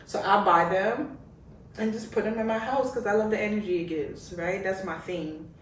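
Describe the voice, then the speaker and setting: A young woman hosting her own podcast, ranting in a lively, opinionated way and laughing often. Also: medium pitch, normal speed, far from the mic, slight background noise. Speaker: podcast host. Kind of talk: casual opinionated monologue. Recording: echoey room, off-mic.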